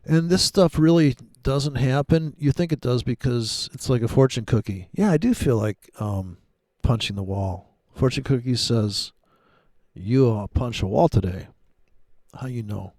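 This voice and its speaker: A man's voice: mid-range voice, expressive, measured pace, a little mellow, no room sound, studio quality. A man giving rambling, sarcastic, profane commentary while trading live. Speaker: day trader streaming live.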